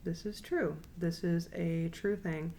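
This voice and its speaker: A young woman giving a recorded class presentation, reading out quiz questions and options in a measured way, repeating them, with frequent ums. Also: lowish voice, steady tone, dark tone, a little hiss or hum. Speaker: counseling student presenting.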